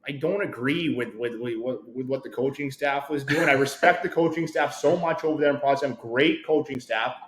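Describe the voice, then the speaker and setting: A man's voice: mid-range voice, moderate pace, hardly any pauses, roomy sound, poor audio. A man hosting a podcast, rambling and hyped, repeating himself as he chats casually. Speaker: podcast host. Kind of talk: casual chat.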